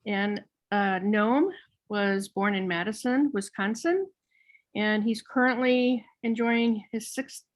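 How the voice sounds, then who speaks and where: A woman hosting a poetry reading, speaking gently with hesitant fillers as she thanks readers and introduces the next one. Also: mid-range voice, takes it slowly, rough recording. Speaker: reading host. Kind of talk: event hosting.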